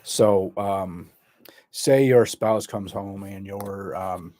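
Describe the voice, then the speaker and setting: A man working as a therapist, explaining a communication skill in a halting way, full of fillers and restarts. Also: sits low, warm tone, no echo.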